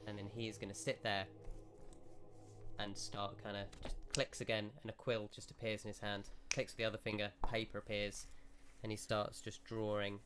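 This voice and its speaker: A man narrating as game master, describing a scene slowly. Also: lowish voice, monotone, noisy background.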